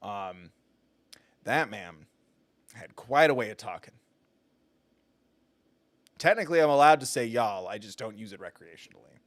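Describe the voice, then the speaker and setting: A man's voice: mid-range voice, animated, normal speed, long pauses, no room sound. Chatty self-deprecating male streamer. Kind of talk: casual live gameplay commentary.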